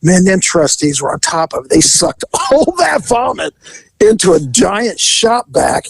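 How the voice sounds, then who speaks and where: A podcast host spins a story in easygoing chat, slipping into other people's voices and laughing along the way. His voice sits high and gravelly, and the recording is dry and close. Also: unhurried, no echo, rough recording. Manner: animated storyteller, acts out voices, laughs often. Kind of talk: casual storytelling.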